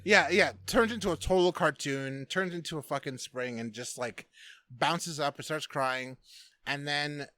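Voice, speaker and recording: A man's voice: on the high side, measured pace, pushed and bright, no room sound. A man hosting a podcast, recapping a movie in casual, rambling chat full of "like" and swearing. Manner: rambling, profane, lots of "like". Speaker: podcast host.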